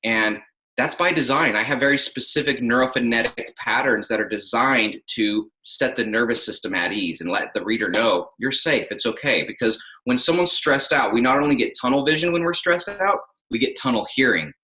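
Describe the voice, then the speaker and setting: A man speaking in an interview with a bright, forward tone, breaking into acted-out sample lines to make his points. The sound carries a noticeable room echo. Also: mid-range voice, normal speed. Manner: explains with acted-out example phrasings. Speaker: audiobook narrator and coach. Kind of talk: podcast interview.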